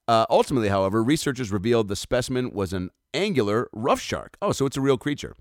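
Male comic podcast host, low voice, very animated delivery, riffing casually over articles. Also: quick pace, hardly any pauses, dry recording, clean studio sound. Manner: joking, loose, swearing, lots of fillers and asides.

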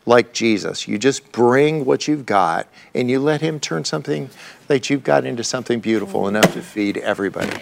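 A man's voice: mid-range voice, animated, a little fast, gravelly. A middle-aged man, a lawyer, telling stories as an interview guest, exuberant and laughing often. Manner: laughs often, exuberant and enthusiastic, with many restarts. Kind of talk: animated storytelling in conversation.

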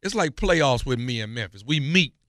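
A man's voice: mid-range voice, expressive, moderate pace, a bit bright, no room sound, studio quality. A man joking with co-hosts in casual radio banter, drawling as he plugs his comedy shows.

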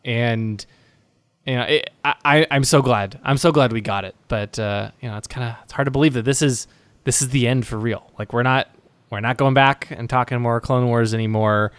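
A man co-hosting a casual podcast, speaking haltingly with many restarts. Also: mid-range voice, a bit bright, clean tone, no room sound. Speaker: podcast co-host.

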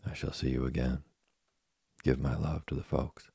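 A man's voice: rumbling low, level tone, normal speed, gravelly, mellow, slightly rough, dry recording, studio quality, full character voice. A man voicing a hungry, whiny wooden puppet boy in a storybook reading, complaining and petulant.

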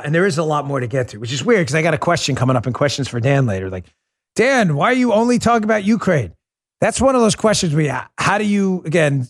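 A man hosting a political talk show, animated and joking, acting out quotes in a loud high voice. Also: no room sound, studio quality. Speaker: podcast host.

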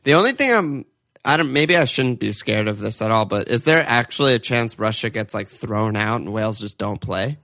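A man's voice: on the low side, lively intonation, brisk, bright, forceful tone, no room sound, studio quality. Congested man in rambling casual chat. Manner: rambling, sweary, filler-heavy. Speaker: podcast co-host. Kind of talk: casual fantasy football chat.

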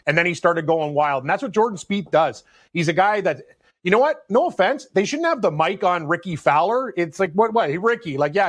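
A man co-hosting a casual sports talk show, emphatic and opinionated in his takes. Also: a little high. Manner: emphatic, opinionated, animated asides. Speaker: sports podcast co-host.

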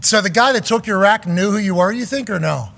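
A male host of a sports talk show, joking loudly and often shouting with high energy. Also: fairly quick, gravelly.

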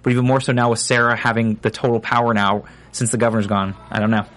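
A quick-talking man on a casual TV panel, easygoing and agreeable. His voice sits at an ordinary pitch. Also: fairly even intonation, a bit bright.

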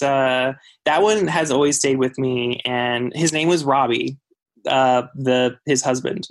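A man calling in to a podcast to tell a personal story in a casual, rambling way, filling his talk with "like" and acting out what people said. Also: medium pitch. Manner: rambling, heavy use of "like", acts out quoted dialogue. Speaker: listener caller.

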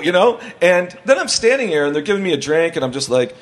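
A man's voice: on the high side, animated, quick pace, few pauses. A man who is a stand-up comedian tells a long anecdote in casual podcast chat, rambling, swearing and laughing as he goes. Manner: rambling, profane, laughs through the story.

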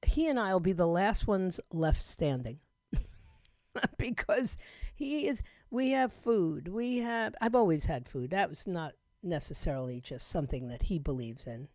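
A middle-aged woman hosting a talk radio show, talking in an emphatic, conversational way that swings between loud and hushed. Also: on the low side, dry recording, studio quality. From South Florida. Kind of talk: opinionated talk radio monologue. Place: radio studio. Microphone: studio microphone.

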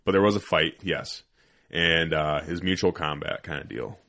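A man's voice: a bass voice, moderate pace, sharp tone. A man, a former Army sniper, telling a profane war-buddy story in casual interview chat. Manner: profane, with frequent acted quotes.

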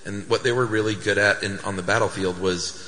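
A man co-hosting a live podcast on stage, telling a story casually in a chatty, animated way. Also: fairly low pitch, brisk. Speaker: podcast co-host. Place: theater stage before a live audience. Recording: live hall with long reverb.

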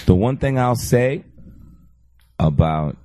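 A man's voice: mid-range voice, lively intonation, slow pace, warm tone, no room sound. A man in casual chat, speaking in a laid-back, reflective way.

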